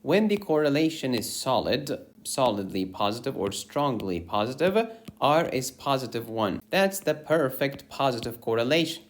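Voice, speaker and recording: A man's voice: medium pitch, expressive, measured pace. A man teaching a statistics lesson, explaining while drawing graphs, with playful asides. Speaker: medical educator. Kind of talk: lecture over drawn slides.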